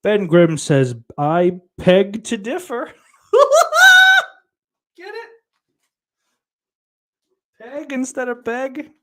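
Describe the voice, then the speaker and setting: Podcast dude reading chat out loud, cussing and cracking up a lot, bouncy pitch, takes his time. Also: animated, slow, pauses often. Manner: laughs often and swears freely while reading comments aloud. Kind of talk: casual crude banter.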